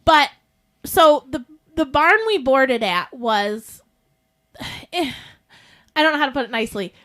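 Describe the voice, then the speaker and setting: High-voiced woman telling a funny story. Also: slow. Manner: animated, laughs often while telling stories; frequent filler "like". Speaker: podcast co-host. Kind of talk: casual storytelling chat.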